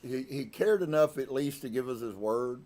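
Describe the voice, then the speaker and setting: A man preaching in a relaxed, conversational way on a live stream. He repeats and restarts his words, then presses harder on a point with a burst of emphasis. His pitch sits in the ordinary middle range for a man. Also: normal speed. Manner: conversational, with frequent restarts and emphatic swings in loudness. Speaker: congregation leader. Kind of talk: casual live-streamed sermon.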